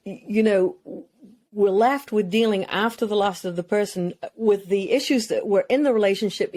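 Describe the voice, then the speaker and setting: A woman who is a mental health expert speaks as a podcast guest, candid and emotional, in a mid-range voice with a darkish tone. Earnest, she talks in long flowing runs, on a dry recording.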